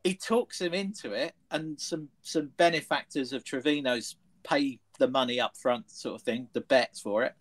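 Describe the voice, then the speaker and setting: Brief: male panelist, mid-pitch, lively storyteller. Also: normal speed, few pauses, poor audio. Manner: anecdotal storyteller, animated retelling. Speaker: studio panelist. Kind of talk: casual sports chat.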